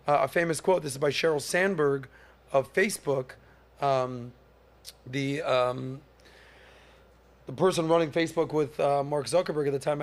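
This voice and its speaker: Host type, forties, man, slightly high voice, animated storyteller who slips into mock voices for quotes. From Miami area. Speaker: podcast host. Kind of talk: casual storytelling monologue.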